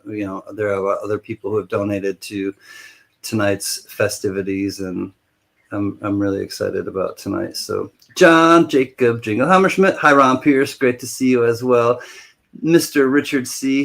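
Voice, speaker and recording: A man's voice: medium pitch, fairly bright tone. A man hosting a live online auction stream, greeting viewers one by one in a playful, joking way. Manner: playful and jokey, rattles off viewer names quickly. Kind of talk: casual livestream chat greeting viewers.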